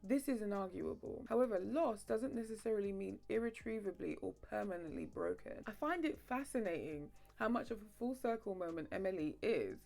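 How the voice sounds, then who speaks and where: A woman hosting a video essay, moving between lively playful asides and steady narration. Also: medium pitch, fairly quick, creaky, hardly any pauses, faint music behind. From London, England.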